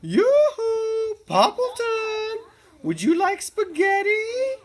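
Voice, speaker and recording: Teacher lady doing a squeaky sing-song llama neighbor, super high and swoopy. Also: wildly swooping pitch, takes it slowly, full character voice. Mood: sing-song calling. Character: cheery, eager female llama neighbor. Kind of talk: read-aloud storybook voice.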